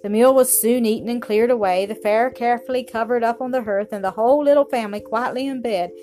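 A woman reading a children's story aloud in a gentle manner, with small slips and restarts. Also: on the high side, fast, soft background music.

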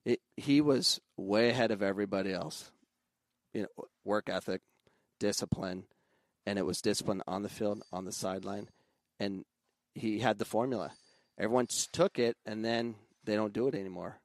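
A man with a fairly low, gravelly voice talks about youth soccer in a loose, conversational way. He often jumps up in pitch to mimic other coaches and shouting parents. The sound is close and dry, with no room around it. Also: normal speed, dry recording. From Arizona. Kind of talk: casual podcast conversation.

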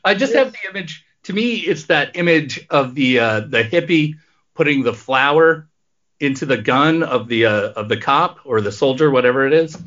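A man in casual chat about a book, laughing often and chiming in with quick jokes. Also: mid-range voice, expressive, a bit bright. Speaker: book podcast co-host. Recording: dull lo-fi sound.

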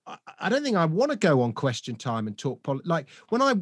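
A man co-hosts a comedy podcast, telling wry, dry stories. His pitch swoops up and down a great deal, and the sound is close and dry with almost no room echo. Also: huge pitch swings, fast, husky. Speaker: co-host, satirical songwriter. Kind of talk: casual comedic chat.

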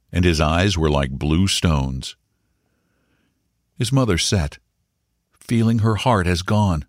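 A man with a deep voice reads a story aloud with a very expressive, wide-ranging delivery. He measures his pace and slows down for tense moments. The recording is dry and close. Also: dry recording. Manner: measured, slowing for suspense. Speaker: narrator. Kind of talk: dramatic story reading.

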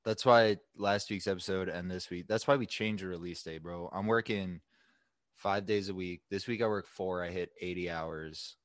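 A tired, worn-out young man with a very deep voice co-hosts a podcast, chatting casually at a moderate pace. He tells stories in a laid-back, slangy way, throwing in "dude" and "bro." The recording is studio quality with no echo.

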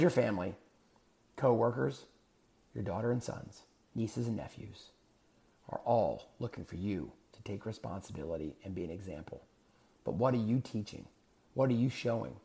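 Man, middle-aged, gravelly voice, life coach, earnest pep talk, repeats questions. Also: medium pitch, a little mellow. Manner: earnest, repetitive, rhetorical questions. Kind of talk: motivational monologue.

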